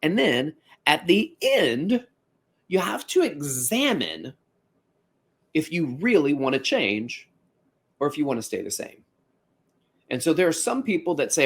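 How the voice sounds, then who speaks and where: A man in his forties hosts a fitness podcast in a loose, chatty monologue. His pitch rises and falls freely, and he drops in playful asides as he talks. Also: measured pace, long pauses, slightly rough. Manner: animated, conversational, with playful asides. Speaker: podcast host.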